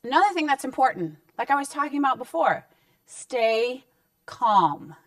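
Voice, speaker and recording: A woman's voice: high-pitched, sing-song, moderate pace, fairly bright tone, no echo, distant mic. A woman counselor giving parenting advice straight to camera in a conversational, reassuring way, sometimes acting out short parent-child exchanges. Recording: dry sound with the mic set back.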